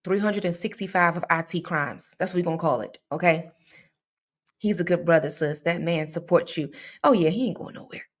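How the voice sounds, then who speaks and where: A woman's voice: fairly low pitch, fairly quick. A woman hosting a true crime show, chatting casually and live with her viewers, laughing often and calling out to them as y'all.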